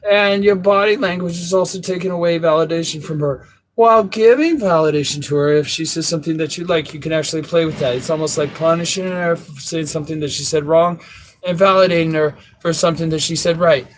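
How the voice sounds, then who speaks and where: A blunt, foul-mouthed male dating coach talks in a slightly high voice, switching into quick acted-out exchanges with women. His voice has a little background noise under it. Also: fairly even intonation, low-quality recording. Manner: crude, blunt, profane; acts out both sides of bar conversations. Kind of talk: casual instructional talk.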